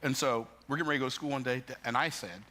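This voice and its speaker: A man with a bright, forceful tone giving a preacher-like motivational talk. He tells stories from his own life with emphasis and builds toward the point. He often leaps into sudden high bursts. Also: very fast, slight background noise. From United States. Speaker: motivational speaker.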